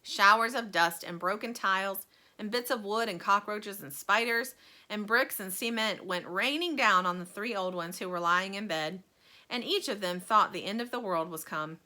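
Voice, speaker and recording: A woman reading a children's chapter book aloud as storyteller, animated and friendly. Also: mid-range voice, normal speed.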